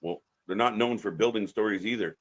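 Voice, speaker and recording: A man's voice: fairly low pitch, brisk. A man co-hosting a live wrestling watch-along, blunt and disgusted, swearing heavily. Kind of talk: profane live commentary chat.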